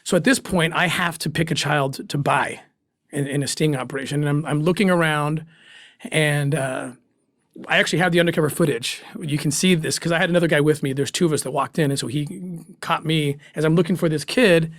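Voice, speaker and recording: A man's voice: on the high side, fairly even intonation, fairly bright tone, dry recording, clean studio sound. Earnest man telling an emotional story. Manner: earnest and emotional, with restarts and pauses. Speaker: guest, former special agent. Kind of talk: personal story told in an interview.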